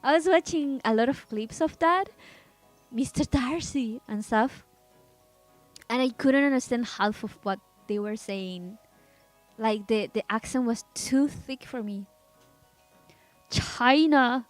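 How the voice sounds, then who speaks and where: A woman whose first language is Spanish, talking with viewers as she draws on a live stream. Her voice sits high and she takes her time, wandering from thought to thought with easy giggles. Soft music plays faintly in the background. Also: takes it slowly, pauses often, no echo. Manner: rambling, chatty, giggly, restarts words. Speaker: artist streaming a drawing session. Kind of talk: casual live-stream chat.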